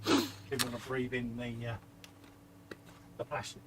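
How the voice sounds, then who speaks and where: A man's voice: mid-range voice, steady tone, very noisy. A British man co-hosting a live model-making stream, chatting easily and joking at his own expense. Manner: easygoing, self-mocking, quick to agree. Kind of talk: casual chat while working on models.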